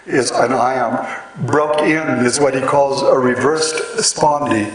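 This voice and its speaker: A man giving a lecture on poetic rhythm, explaining patiently with pauses and fillers, recorded in a hall before an audience. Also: medium pitch, over a noisy crowd. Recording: echoey hall, voice from far off, audience present.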